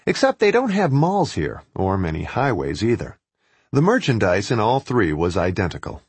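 A man's voice: on the low side, huge pitch swings, moderate pace, husky, no echo. A man reading his own first-person travel piece aloud in a wry, sardonic manner.

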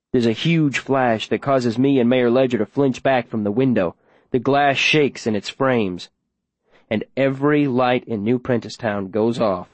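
Male audiobook narrator, first-person storytelling, mid-pitched voice, dry close mic. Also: fairly even intonation, moderate pace, dry recording.

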